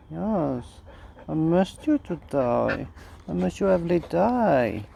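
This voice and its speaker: Slow, gravelly-voiced man cooing. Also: on the high side, animated, dull audio, over loud music. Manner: soft, cooing, affectionate. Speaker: dog owner. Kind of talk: baby talk to a pet.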